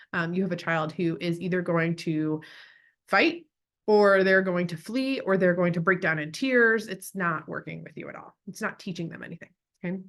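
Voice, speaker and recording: An upbeat young woman with an American accent gives a parenting class in a conversational, chatty way. Her voice sits at a middle pitch, and she talks to the viewer as if they were sitting across from her. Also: a bit bright. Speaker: parent educator. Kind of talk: parenting workshop presentation.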